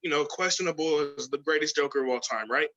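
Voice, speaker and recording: Opinionated man with a bright lo-fi sound. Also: a little high, fast talker. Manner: animated, opinionated, mocks voices with gravelly whispers. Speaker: podcast co-host. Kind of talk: casual chat.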